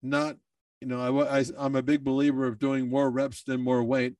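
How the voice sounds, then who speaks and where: A man's voice: medium pitch, completely flat delivery, brisk, darkish tone, no room sound, far from the mic. A man who is a bodybuilder, talking in a candid personal monologue, emotional and swearing freely.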